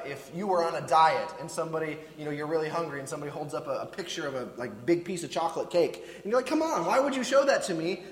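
A man preaching a conversational sermon with casual asides, often restarting his words. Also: on the high side. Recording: echoey hall with long reverb.

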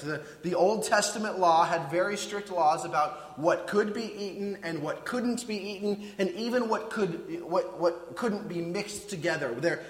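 A man's voice: high voice, a bit bright. A man preaching a conversational sermon with casual asides, often restarting his words. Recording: echoey hall with long reverb.

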